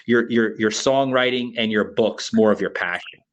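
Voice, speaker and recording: A man from Florida co-hosting a podcast, speaking haltingly with repeated words and constant you-knows. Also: on the low side, rough recording. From Florida, USA. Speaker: podcast co-host. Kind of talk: casual podcast interview.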